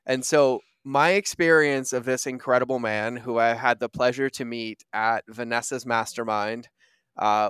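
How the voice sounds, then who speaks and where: Male host, mid-pitched and smooth, gushing and chatty, loose with fillers. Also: a bit bright, dry recording, clean studio sound. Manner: effusive, gushing praise with fillers. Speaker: podcast host. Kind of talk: casual conversation.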